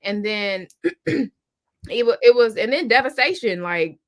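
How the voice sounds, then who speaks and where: Bright-voiced woman telling her story. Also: on the high side, takes it slowly. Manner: animated and emphatic, acts out her own past thoughts. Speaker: guest. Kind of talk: personal storytelling in a conversation.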